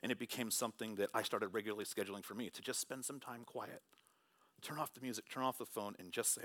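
A man preaching a sermon in church, shifting between loud, animated bursts and hushed, quiet passages. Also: fairly low pitch, quick pace, dry recording. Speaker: pastor.

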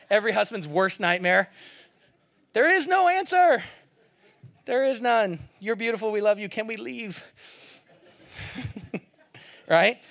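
A man's voice: very high-pitched, creaky, fairly bright tone. A middle-aged man preaching a sermon as a pastor, in a conversational, joking way that acts out what people say.

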